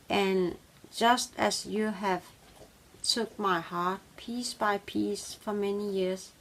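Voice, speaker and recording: Cold menacing man with a knife, slow and gravelly in the telling, as a woman quotes him. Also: mid-range voice, slight background noise, poor audio.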